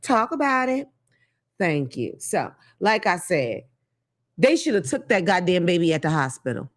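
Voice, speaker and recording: Animated, profane woman host. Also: on the low side, normal speed. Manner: blunt, profane, animated, laughs often. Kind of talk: casual commentary monologue.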